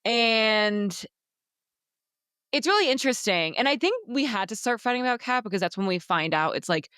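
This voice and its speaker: A woman's voice: a little high, lively intonation, normal speed, fairly bright tone, smooth, no echo, clean studio sound. A woman co-hosting a casual book podcast, talking animatedly, swearing freely and acting out characters' lines. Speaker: podcast co-host.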